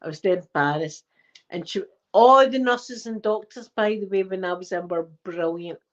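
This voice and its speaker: A middle-aged woman with a Scottish accent chatting warmly and emotionally to her viewers, close to tears and short of breath. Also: medium pitch, moderate pace. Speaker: ASMR channel host. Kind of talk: casual heartfelt chat to viewers. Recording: dull lo-fi recording.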